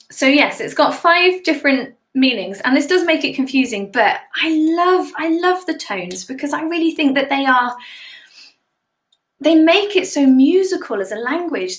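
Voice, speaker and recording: High, bright, chatty British woman. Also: echoey room. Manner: chatty, giggly, reads out viewer comments. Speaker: singer hosting a live stream. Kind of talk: casual live-stream chat.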